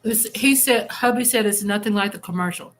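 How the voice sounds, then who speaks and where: A woman's voice: mid-range voice, a little fast, soft background music. A woman hosting a casual live stream from home, chatting candidly with viewers and reading out their comments.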